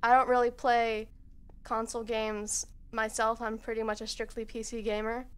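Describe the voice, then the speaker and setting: A young woman streamer giving quiet, nervous, rambling let's-play commentary at home into a headset mic. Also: on the high side, little pitch movement, normal speed, clear, resonant tone.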